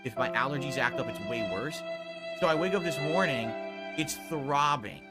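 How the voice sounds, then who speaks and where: A man streaming live, talking casually and bluntly to his chat in a laid-back way, with a sore throat and a lower voice than usual. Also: normal speed, over loud music. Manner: blunt and profane when scolding chat.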